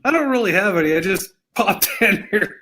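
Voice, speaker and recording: A man from Canada dropping into a livestream to say hi. His voice is bright and a little high, and he is easygoing and laughs often. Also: expressive, normal speed, slight background noise, rough recording. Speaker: viewer calling in. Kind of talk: casual chat.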